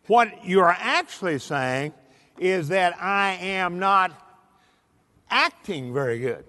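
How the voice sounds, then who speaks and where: Folksy man with lively high voice. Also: slow pace. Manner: folksy storyteller, acts out voices. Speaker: motivational speaker. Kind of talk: motivational speech to a live audience. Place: large hall with audience. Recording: hall reverb.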